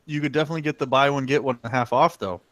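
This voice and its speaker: A man on a casual panel podcast who talks in a halting way, repeating himself and filling gaps with um. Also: medium pitch, a bit bright. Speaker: panel guest. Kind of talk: casual panel chat over an online call.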